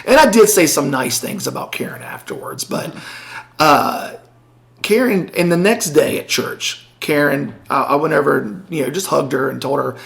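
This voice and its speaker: A man's voice: on the high side, animated, moderate pace, creaky, fairly bright tone. A middle-aged man co-hosting a podcast, telling a story in casual chat and animatedly acting out the voices of the people in it. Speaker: podcast co-host.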